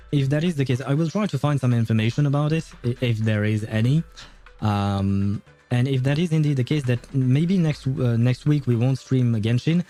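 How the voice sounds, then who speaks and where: Male streamer, dark mellow voice, casual gameplay chat, rambling, self-correcting. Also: medium pitch.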